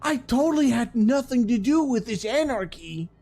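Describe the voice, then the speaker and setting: A man putting on a mocking imitation of a stereotypical menacing male game villain, in a slow mock-menacing drawl. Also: extremely high pitch, lively intonation, warm tone, voice pushed up, full character voice.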